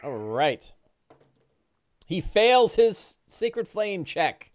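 A man narrates a tabletop battle as game master. His pitch is a touch high, and his voice swings widely as he describes the action. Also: extremely slow. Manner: lively narration with shouted orc voices.

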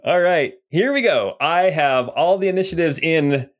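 A man's voice: on the high side, moderate pace. A man running a tabletop game, describing scenes and calling turns. He is easygoing and chatty, leaning on fillers as he narrates. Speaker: game master.

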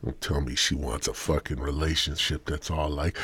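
A man's voice: extremely low pitch, fairly even intonation, moderate pace, hardly any pauses, a bit bright, husky, no echo. A man hosting his own podcast, rambling through a casual rant full of swearing and sardonic jokes. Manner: sardonic, joking asides. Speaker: podcast host.

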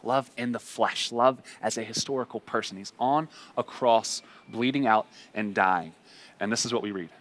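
A male pastor delivering a sermon, swinging from loud, rising emphasis to hushed, slow passages when reading scripture. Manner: dynamic preaching, rising loud for emphasis then dropping low and quiet.

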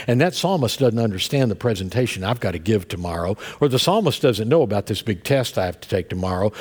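A middle-aged male pastor preaching and telling a story to his congregation, swinging between soft murmurs and loud outbursts. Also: mid-range voice, slightly rough. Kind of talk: sermon. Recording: long hall reverb.

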